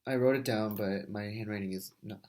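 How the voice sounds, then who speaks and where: A man's voice: lowish voice, fairly even intonation, brisk, darkish tone. A man in his twenties, a first grade teacher, talking through a class reflection in a casual, thinking-aloud way with fillers and restarts. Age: 20s. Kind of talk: recorded class discussion reflection.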